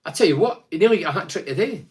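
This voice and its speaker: An older man from Scotland talking casually about football as a pundit, reading out fan messages and rambling with lively asides. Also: sits high, racing. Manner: animated, chatty, rambling with asides. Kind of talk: casual solo football commentary.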